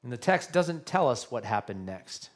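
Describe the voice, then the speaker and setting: A man's voice: mid-range voice, sing-song, moderate pace. A male pastor giving a sermon, earnest and repetitive, often checking in with his listeners by asking questions.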